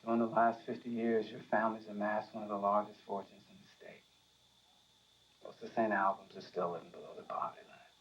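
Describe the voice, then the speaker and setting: An actor playing a calm, deliberate lawyer who talks in pointed terms, in dull film audio. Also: male voice, on the low side, a little hiss or hum, close to an everyday voice. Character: calm, pointed lawyer confronting a rich family.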